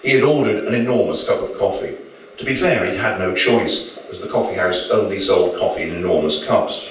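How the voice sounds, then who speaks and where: A man's voice: deep voice, brisk, slight background noise. A male author reading his novel aloud to an audience at a live venue, with dry, wry storytelling. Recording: very echoey room, mic far off.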